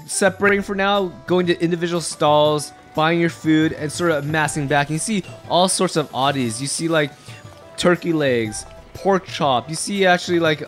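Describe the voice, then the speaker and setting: A man's voice: on the high side, normal speed, faint music behind. A young man narrating as game master of a tabletop game, in a casual, rambling way with many fillers.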